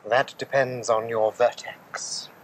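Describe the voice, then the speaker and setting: A man's voice: medium pitch, fairly even intonation, a little hiss or hum, voice pushed down, lightly acted. A man doing a stately, riddling guide. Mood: grandiose. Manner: slow, stately and ornate, answers in riddles. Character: grand, riddling male guide to a dreamlike heaven. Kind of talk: solo stage performance.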